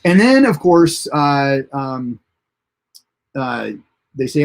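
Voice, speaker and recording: A man's voice: a little high, animated, a little slow. A man hosting a casual live TV episode review, recapping the plot in a rambling way with many fillers and restarts and chuckling at the funny parts. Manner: chuckles at funny moments while recounting. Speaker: host of a TV episode review show.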